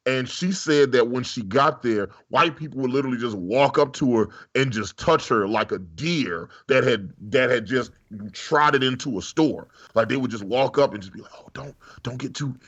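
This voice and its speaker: A man's voice: mid-range voice, normal speed, few pauses, fairly bright tone, muffled recording. A man co-hosting a podcast in casual chat, telling rambling stories and laughing at his own jokes. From United States. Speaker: podcast co-host.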